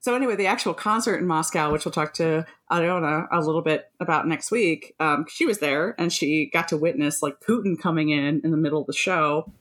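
A woman's voice: sits low, a little fast, hardly any pauses. A woman co-hosting a podcast, chatting casually, often laughing and swearing as she tells a story. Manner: lively, laughing often, profane. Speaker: podcast co-host. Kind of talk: casual chat.

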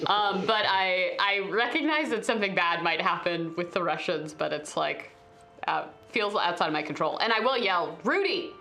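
A woman player in a tabletop game, chatting in a playful, animated, giggly way. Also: on the low side, normal speed, gravelly, a little hiss or hum. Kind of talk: casual in-character game chat. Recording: echoey room.

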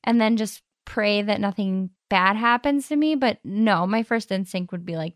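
A woman from the American Midwest chats easygoingly as a podcast co-host. She talks in a relaxed way, heavy on slang and fillers. The recording is dry and close. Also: mid-range voice, moderate pace, no room sound. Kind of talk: casual chat.

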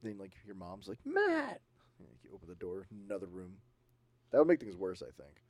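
A man co-hosting a casual podcast, telling scary stories in an animated way and acting out sounds and voices. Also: low voice, fast talker, no echo. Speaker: podcast co-host. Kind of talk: casual chat.

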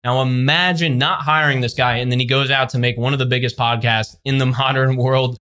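A man's voice: mid-range voice, fairly even intonation, brisk, sharp tone, smooth. A man who produces podcasts, giving a brash, sarcastic review monologue to the camera. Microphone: facing a camera with a laptop in front.

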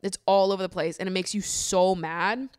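A young woman hosting a casual solo podcast, ranting in an opinionated, profane, animated way with bursts of laughter. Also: medium pitch, moderate pace, clean tone, no room sound, studio quality. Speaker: podcast host.

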